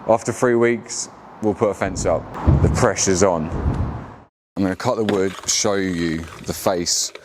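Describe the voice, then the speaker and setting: A man from England narrates casually, his voice sitting low and easygoing. He drops slang and fillers as he goes. Traffic and city sounds are clearly heard behind him outdoors. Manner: laid-back, slangy storytelling with fillers. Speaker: BMX rider and builder.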